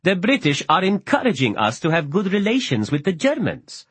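An earnest, eager young government aide, played by a male narrator in a raised, husky voice that swings lively in pitch. He sounds respectful as he explains, and the audiobook recording is close and dry. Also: moderate pace, dry recording, full character voice. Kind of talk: audiobook character voice.

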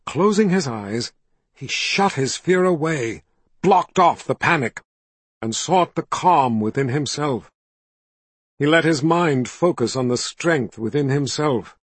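A man narrating a fantasy novel as an audiobook, telling the story in a measured, steady way. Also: a little high, husky, dry recording.

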